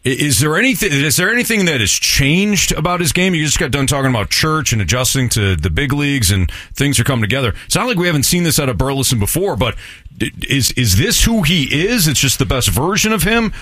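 A man's voice: on the high side, big pitch swings, fast talker, a bit bright, no echo. Casual male sports radio host. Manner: casual, rambling questions.

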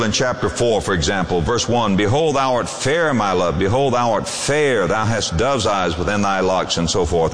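Preaching man in an echoing hall. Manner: expressive preaching with sweeping pitch, reading scripture aloud. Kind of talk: sermon. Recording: long hall reverb.

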